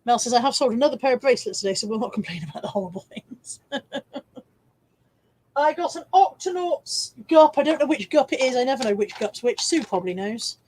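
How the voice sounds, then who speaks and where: A woman with a fairly high voice chats casually on her live stream. She reads out viewer comments and shows off car boot finds with chatty, self-mocking asides. She has the hiccups and talks to her camera from home. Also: animated, brisk, darkish tone.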